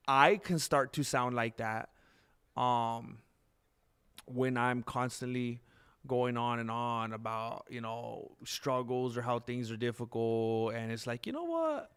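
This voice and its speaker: Hosting a live stream, this man talks candidly and casually in a clean tone, wandering from topic to topic. Thanking his viewers sends him into high, excited outbursts.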